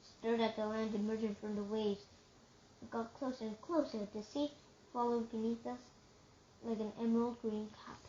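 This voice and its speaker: A woman reading a children's book aloud in a lively way, shouting the dialogue and going soft for quiet narration. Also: on the high side, normal speed, muffled recording, slight background noise.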